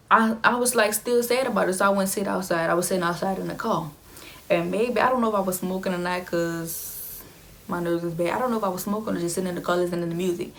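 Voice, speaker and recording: Chatty young woman telling her story. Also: lowish voice. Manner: chatty, emphatic, repeats phrases for effect. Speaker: vlogger telling a personal story. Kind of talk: casual storytime.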